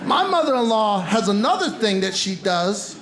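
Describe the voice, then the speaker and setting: Animated high-voiced male stand-up comic. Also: normal speed, noisy background. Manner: teasing, animated, talks straight to the audience. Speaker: stand-up comedian. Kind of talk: stand-up with crowd work. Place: comedy club stage with live audience. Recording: roomy live venue with audience laughter.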